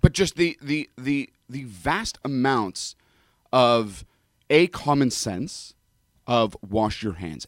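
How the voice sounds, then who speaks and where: Passionate, loud rabbi with a mixed Canadian accent. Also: male voice, medium pitch, dry recording, studio quality. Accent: mixed Canadian with a New York tinge. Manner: passionate, loud talker with many restarts. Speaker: rabbi and radio co-host. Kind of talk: casual radio talk show chat. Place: radio studio. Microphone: studio microphone without windscreen.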